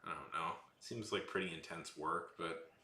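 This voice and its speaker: A man's voice: deep voice, normal speed, pushed and bright, reverberant. A man streaming while he draws, chatting casually with his viewers in a rambling, playful, joking way. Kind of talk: casual livestream chat.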